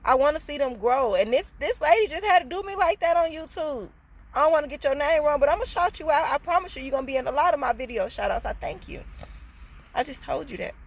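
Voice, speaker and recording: A woman's voice: sits high, expressive, fast talker. A woman telling a casual storytime on her vlog, blunt, slangy and passionate, swearing freely. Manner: slangy, streetwise talk. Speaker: vlogger.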